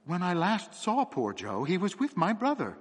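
A man voicing a nervous, excitable young curate who stammers and trembles, in a reverberant space. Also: high-pitched, brisk, slightly rough, voice pushed up, full character voice. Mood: feverish. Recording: long reverb.

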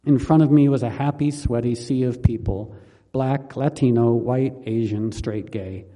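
A man reading his own memoir aloud in a calm, measured, wry manner. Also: mid-range voice, long reverb tail. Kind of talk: memoir audiobook narration.

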